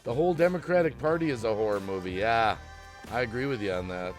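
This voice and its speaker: A man hosting a casual livestream, greeting viewers by name, reading chat aloud and rambling as he thinks out loud. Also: medium pitch, quick pace, faint music behind. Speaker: livestream host.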